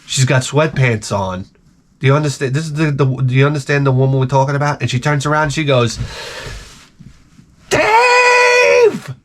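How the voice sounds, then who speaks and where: A man telling stories in a casual, profane monologue, animated and acting out the people he quotes. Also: mid-range voice, fast, slight background noise. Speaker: video creator.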